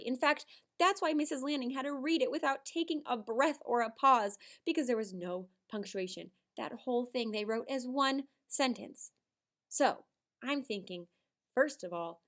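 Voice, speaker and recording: A woman teaching first graders a writing lesson, animated and sing-song, with dramatic emphasis. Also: high-pitched. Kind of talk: video writing lesson for young children.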